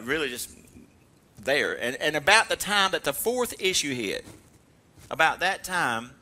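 A man preaching a sermon, animated, acting out mocking dialogue and calling for amens. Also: high-pitched. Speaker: pastor.

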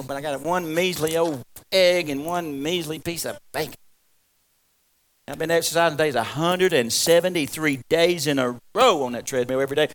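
Folksy preacher man, higher voice. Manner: folksy, repetitive, swings between loud exclamations and quiet asides. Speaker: pastor. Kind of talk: folksy sermon.

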